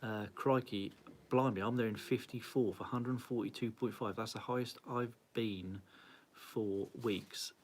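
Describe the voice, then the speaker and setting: Over slight background noise, a man with a lowish, fairly even voice and measured pace hosts a live-stream rundown of his cycling club's leaderboard. Chatty and upbeat, he says hello to viewers by name, gets flustered, and laughs at his mistakes.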